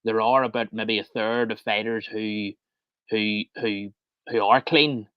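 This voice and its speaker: A man's voice: on the low side, steady tone, a little slow, no room sound, dull audio. A man co-hosting a podcast, speaking hesitantly with frequent restarts in casual chat. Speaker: podcast co-host.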